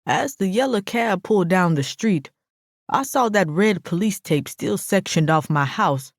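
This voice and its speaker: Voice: mid-range voice, animated, unhurried, no echo, studio quality. Brash, profane audiobook narrator. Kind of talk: first-person audiobook narration.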